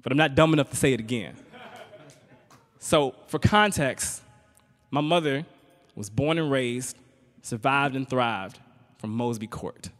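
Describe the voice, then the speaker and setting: A stand-up comedian from Virginia, speaking at an average pitch. He tells his story conversationally and keeps checking in with the crowd. His voice rings out with the long reverb of a performance hall. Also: unhurried, long pauses, a bit bright, faint music behind. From Richmond, Virginia. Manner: conversational, teasing the audience with frequent "right?". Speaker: comedian and spoken-word poet. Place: stage in a hall.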